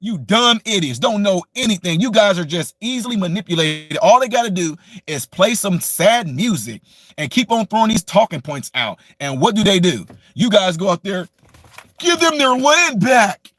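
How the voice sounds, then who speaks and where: Combative high-voiced man ranting. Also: expressive, normal speed, fairly bright tone, no echo. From United States. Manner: combative, mocking, repetitive. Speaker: political commentary vlogger. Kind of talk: ranting opinion monologue.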